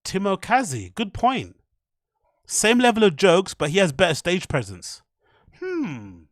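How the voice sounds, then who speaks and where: Running a livestream, this British man from the United Kingdom reacts on the fly, blunt and rambling, swearing plenty. His slightly high voice swoops wildly in pitch at an unhurried pace, and the sound is dry and close with no echo or room around it.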